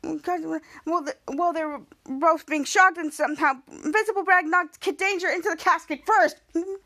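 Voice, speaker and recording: Very high-voiced woman recapping an episode. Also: fairly even intonation, bright, forceful tone. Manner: halting retelling with many restarts and "cut to"s. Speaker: podcast host.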